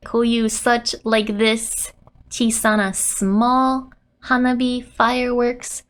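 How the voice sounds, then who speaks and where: Woman, fairly high voice, upbeat language teacher, frequent laughter, casual explanations. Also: takes it slowly. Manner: cheerful, laughs often, quotes lines in animated character voices.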